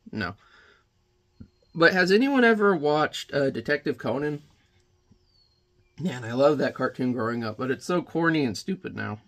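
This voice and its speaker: Rambling man chatting while he paints. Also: mid-range voice. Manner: rambling, joking, then quietly reflective. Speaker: painting vlogger.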